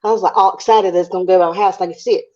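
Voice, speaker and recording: A woman telling a story on a casual live call-in stream. She is animated, laughs often and acts out what she said. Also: mid-range voice, rapid-fire, noisy background. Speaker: panelist. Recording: muffled stream audio.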